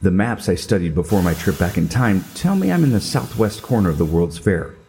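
A man's voice: low-pitched, mellow. A middle-aged man telling a scripted comedic story in a wry, self-mocking way. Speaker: podcast narrator.

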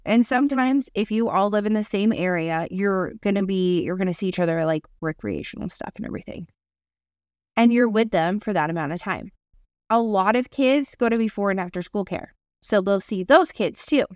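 Brief: woman co-host, middle pitch, loose rambling talk, hunts for words. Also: a little fast, a little mellow, clear, resonant tone, dry recording, studio quality. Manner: rambling, searches for words, casual swearing. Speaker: podcast co-host. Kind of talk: casual chat.

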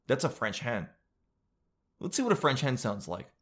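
A young man, talking casually to camera at a mid pitch. He rambles, jokes at his own expense, and wanders through loose asides. His delivery is loose and conversational. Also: big pitch swings, normal speed, very noisy. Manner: joking, self-deprecating, meandering with loose asides. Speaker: vlogger.

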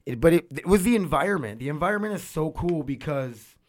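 At home, a vlogger talks casually and ramblingly, swearing freely, repeating words and restarting, with a laundry machine running nearby. His voice is a little high and fairly quick, with lively intonation.

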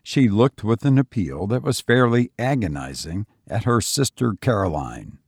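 Male narrator, low, husky, unhurried; dry close mic. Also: expressive, no room sound. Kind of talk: storybook narration.

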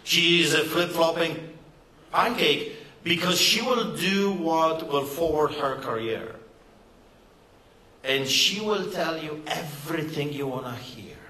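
In a spacious event hall that throws back plenty of echo, a man speaks at a political rally with passion, emphasis and sarcasm. His voice is forceful, bright and pitched slightly high. He delivers expressively and slowly.

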